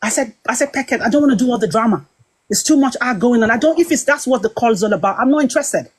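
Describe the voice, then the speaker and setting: A British woman talking casually, retelling a heated group-call dispute in an animated, aggrieved way with many quoted exchanges. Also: on the high side, quick pace, husky. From Britain. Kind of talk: casual storytelling to viewers.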